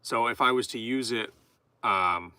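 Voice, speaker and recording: A man's voice: medium pitch, unhurried, sharp tone, clear, resonant tone, no echo. A man live-streaming, chatting casually and goofily with viewers while he writes poetry. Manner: goofy, rambling, chatting to viewers. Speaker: streamer writing poetry with chat.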